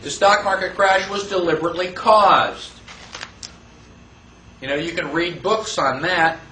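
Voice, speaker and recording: An animated man with a high voice lectures a class, firing rhetorical questions at the room and acting out the voices of the people he quotes. He is recorded from far off in an echoey classroom. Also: unhurried, a little hiss or hum. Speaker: teacher.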